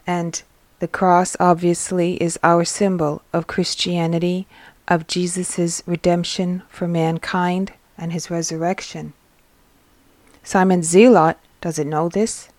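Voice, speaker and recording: A woman host reads a religious story aloud in an earnest, teaching manner, pausing to explain. She goes slowly and deliberately, and the recording is dry and close with no room sound. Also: lowish voice, flat delivery, darkish tone, no echo. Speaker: host and reader. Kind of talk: religious book reading and teaching.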